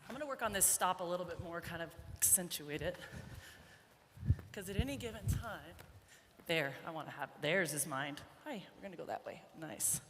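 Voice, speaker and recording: A woman horse trainer giving a live riding demonstration, chatting, joking and softly coaxing her young horse. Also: lowish voice, lively intonation, moderate pace. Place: large indoor arena. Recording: echoey arena with faint background noise.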